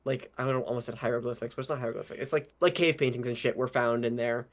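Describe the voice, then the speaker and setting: A man's voice: mid-range voice, steady tone, fast talker. Joking, profane young man. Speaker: podcast co-host. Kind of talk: casual chat.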